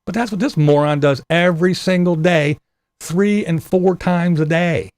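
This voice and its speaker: A man's voice: sits high, measured pace, darkish tone, dry recording. A man hosting his own channel, delivering a profane, exasperated rant straight to his viewers. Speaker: channel host. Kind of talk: ranting vlog monologue.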